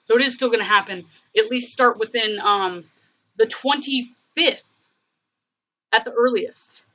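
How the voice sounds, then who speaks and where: Rambling bright-voiced woman livestreaming. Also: a little high, a little slow, muffled recording. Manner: rambling, thinks aloud with many fillers. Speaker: livestream host. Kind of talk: casual livestream chat.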